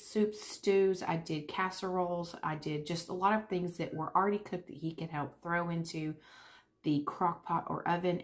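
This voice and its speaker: A young woman chatting casually to camera while eating lunch. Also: low voice. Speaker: vlogger. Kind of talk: casual chat.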